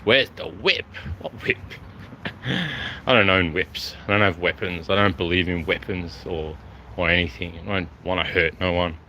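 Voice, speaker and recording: A man's voice: low voice, normal speed, bright, forceful tone, muffled recording, slight background noise. A man talking to camera in a rambling monologue, offhand and jumping from topic to topic. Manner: meandering, offhand, jumps between topics.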